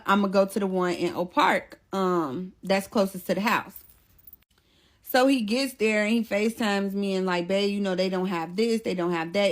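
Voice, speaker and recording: A woman tells her own life story in a casual storytime vlog. She talks to her viewers in a chatty, animated way and calls them "y'all." Her voice sits in a middle pitch range. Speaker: vlogger.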